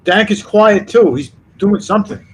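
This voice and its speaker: Man, stream guest, jokey mock threats, husky voice. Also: high voice, moderate pace, rough recording. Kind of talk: casual chat.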